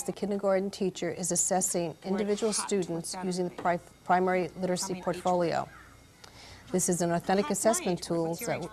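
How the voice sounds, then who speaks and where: A woman, a guest on an education program, explaining classroom footage in a measured voice-over. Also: fairly low pitch, darkish tone. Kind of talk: voice-over narration.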